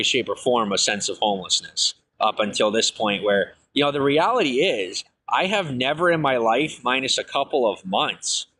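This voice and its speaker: A man's voice: lowish voice, pushed and bright, low-quality recording. A man streaming to viewers, telling long rambling personal stories full of fillers and restarts.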